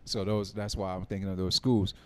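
A middle-aged man with a slightly low voice tells stories in a relaxed podcast chat. He is from North Carolina and slips into the voices of the people he quotes as he talks. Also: brisk, clean tone. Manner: storytelling, acts out quoted dialogue. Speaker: film writer and producer, guest. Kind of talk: casual podcast interview.

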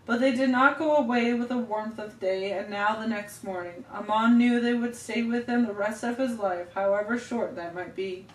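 A woman's voice: fairly high pitch, normal speed, hardly any pauses. Woman reading a storybook to children. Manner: steady reading with small slips and restarts. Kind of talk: family storybook read-aloud. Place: home room. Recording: roomy home room, distant mic, faint hiss.

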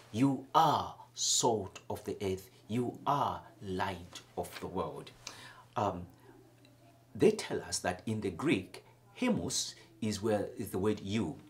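Expressive, slow-preaching man from Africa. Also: fairly low pitch, a little hiss or hum. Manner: expressive preaching with sudden loud emphatic lifts and soft near-whispered drops. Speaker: priest. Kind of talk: homily.

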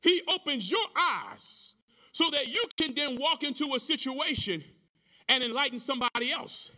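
Male pastor, high, piercing tone, rhythmic preaching style with repetition and call-and-response. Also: expressive, sharp tone. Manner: rhythmic, repeating phrases, slowing for emphasis. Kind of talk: sermon.

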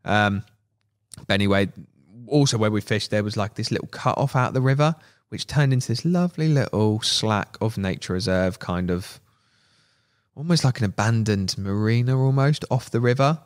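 A man telling a fishing story as a podcast guest, animated, laughing and acting out what people said. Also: lowish voice, normal speed. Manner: animated, laughing, acts out quotes. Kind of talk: casual storytelling.

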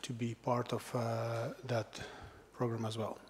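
A man whose first language is Estonian introduces the speaker at a conference, speaking English haltingly with many filler pauses. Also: medium pitch, completely flat delivery, slight background noise. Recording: long hall reverb.

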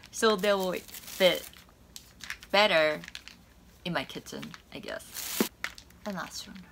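A woman's voice: medium pitch, background noise. A woman vlogger chatting casually to her viewers about her shopping haul, bubbly and gushing. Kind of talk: casual chat to camera.

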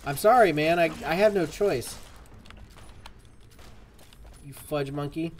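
A man's voice: on the high side, slow, a little hiss or hum. A man giving live commentary on a game he is playing, jokey and exasperated as he talks to the game. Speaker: streamer.

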